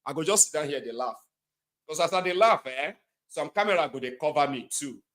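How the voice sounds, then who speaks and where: A man's voice: a little high, lively intonation, brisk, a bit bright. A man with a Nigerian accent hosting a casual call-in talk show, talking animatedly and dropping into Pidgin asides. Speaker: show host. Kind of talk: casual chat.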